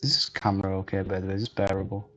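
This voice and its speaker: A man's voice: low-pitched, monotone, rapid-fire, a bit bright, slight background noise. A man streamer chatting casually on a live stream, joking and self-deprecating. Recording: dull lo-fi recording.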